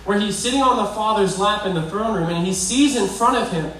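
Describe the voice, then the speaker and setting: A man's voice: sits high, fairly quick, a bit bright. A man preaching a conversational, provoking sermon to young people, often asking the crowd questions. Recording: very echoey hall, voice from far off.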